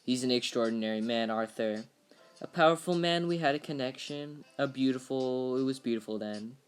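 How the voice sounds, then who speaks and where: A man's voice: mid-range voice, moderate pace, clean tone, faint music behind, lightly acted. A man voicing a frail, fretful old mother who rambles wistfully, in a parody dub of a film script.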